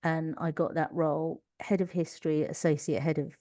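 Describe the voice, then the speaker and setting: A woman's voice: sits low, flat delivery, moderate pace, warm tone, no room sound, clean studio sound. A middle-aged woman with a Cockney accent, a podcast guest telling stories from her working life with frequent laughter. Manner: chatty storytelling with frequent laughter. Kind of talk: conversational interview.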